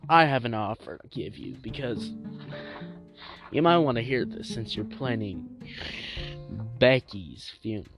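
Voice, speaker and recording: A man voicing a pushy, teasing man obsessed with a past decade, in a comedy skit. He talks in a smug, drawn-out way. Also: mid-range voice, lively intonation. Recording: music playing loudly behind.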